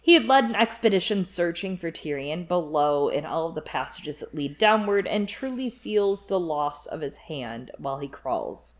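A woman's voice: fairly low pitch, lively intonation. A woman co-hosting a podcast, chatting casually and jokingly about a book series. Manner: chatty, jokey, puts on quick voices. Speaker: podcast co-host.

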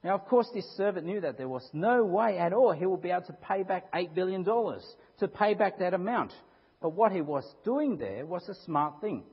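Animated preacher with a husky voice. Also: male voice, high voice. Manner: animated storytelling with rhetorical questions. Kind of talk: sermon. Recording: echoey hall, dull lo-fi sound.

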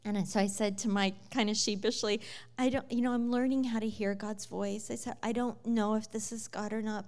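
A woman in her thirties giving a personal faith testimony, telling her story with many restarts and growing loud when excited. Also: medium pitch, clean tone. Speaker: speaker sharing a faith testimony.

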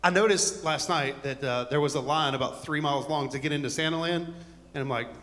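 Man, pastor, conversational sermon, joking asides, fairly high bright voice, long church reverb. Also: a little fast. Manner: joking, rambling asides, warm storytelling.

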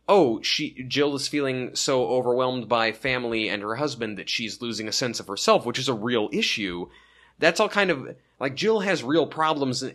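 A man's voice: mid-range voice, a bit bright. A man co-hosting a podcast, chatting casually and rambling as he recaps a sitcom episode, joking at his own expense. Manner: self-deprecating, rambling, retells scenes with quotes. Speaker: podcast co-host.

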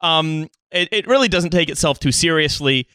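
A man leads a loose comic podcast chat, wandering through his points with plenty of fillers. His voice sits high and sounds bright and sharp. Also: expressive, moderate pace, clean tone, no room sound. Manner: rambling, with many fillers. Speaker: podcast host. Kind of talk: casual comedic chat.

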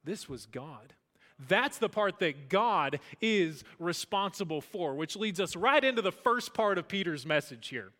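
A man preaching a sermon as pastor, emphatic, swinging between loud declarations and hushed lines. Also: sits high, lively intonation, measured pace. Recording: long hall reverb.

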